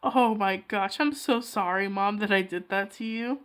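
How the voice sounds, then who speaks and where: A woman's voice: medium pitch, moderate pace, a bit bright, clear, resonant tone. A young woman chatting casually while she draws, rambling and self-deprecating. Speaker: hobby artist vlogger. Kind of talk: casual chat while drawing.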